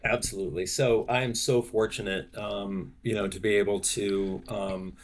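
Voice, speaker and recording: A man in his sixties, a sports business executive, telling stories as a podcast guest, animated and full of fillers and restarts. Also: lowish voice, normal speed. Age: 60s. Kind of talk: podcast interview, anecdote telling.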